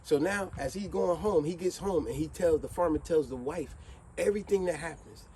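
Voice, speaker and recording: A man vlogging a streetwise motivational monologue, retelling a fable with preachy, animated delivery. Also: fairly high pitch, moderate pace, background noise.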